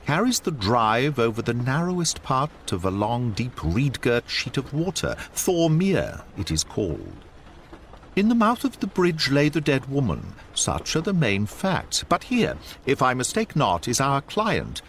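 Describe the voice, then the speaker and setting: A sharp, brisk detective, as a male audiobook reader puts him on, laying out facts with crisp emphasis. His voice rises and falls in a lively way over faint train noise behind. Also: mid-range voice, heavily acted. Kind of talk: audiobook reading.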